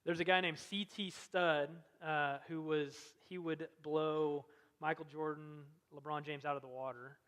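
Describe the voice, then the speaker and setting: A man preaches a sermon in an earnest, conversational way, his voice sitting a little high for a man. His delivery swings from loud emphasis down to near-hushed lines. The sound carries a long reverb, like a large hall. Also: level tone, measured pace. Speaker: campus ministry speaker.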